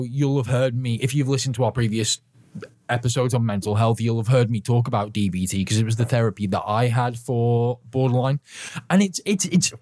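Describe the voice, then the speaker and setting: A man hosts a podcast, rambling casually, laughing a lot, swearing now and then, and sipping a drink as he talks. His voice is mid-range with a darkish tone, recorded in studio quality with no room sound.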